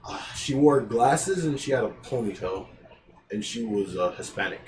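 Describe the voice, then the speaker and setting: A man's voice: medium pitch, lively intonation, normal speed, slight background noise. A young man hosting a podcast, rambling through a school story in a loose, swear-heavy casual chat. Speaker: podcast host.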